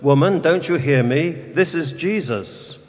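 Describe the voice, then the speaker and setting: A man's voice: on the high side, a little slow, close to an everyday voice. A man playing a prankish workman who calls down from a scaffolding in mock-solemn tones, recorded with a long church reverb. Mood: exasperated.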